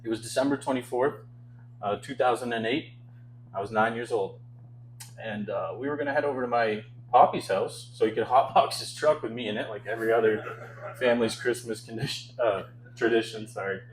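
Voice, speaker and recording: A man's voice: medium pitch, fairly quick, slight background noise, poor audio. Young male stand-up comic, wry. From Canada. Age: 20s. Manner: self-deprecating, wry storytelling with frequent chuckles. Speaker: stand-up comedian. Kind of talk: stand-up comedy set. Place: comedy club stage.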